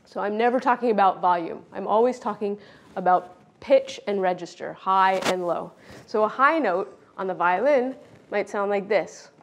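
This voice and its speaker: A woman teaching a children's music lesson, speaking clearly and playfully, often demonstrating with her own voice. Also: mid-range voice, normal speed, background noise. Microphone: pre-recorded video lesson.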